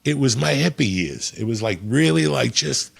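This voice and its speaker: A man from New Jersey tells a story as a podcast guest, swearing freely and swinging his pitch all over. His voice is gravelly and husky. The delivery is loose and animated. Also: moderate pace. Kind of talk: casual storytelling.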